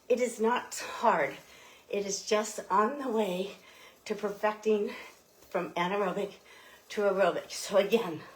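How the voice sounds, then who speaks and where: A woman fitness instructor leading a cycling workout while riding, slightly out of breath, giving encouraging coaching cues. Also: on the high side.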